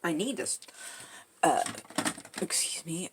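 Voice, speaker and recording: Low gravelly lady mumbling to herself over a craft project, voice swoops up and down, a little hiss behind. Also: lively intonation, unhurried. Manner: soft-spoken, muttering to herself, self-deprecating. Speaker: crafting video host. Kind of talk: casual narration while crafting.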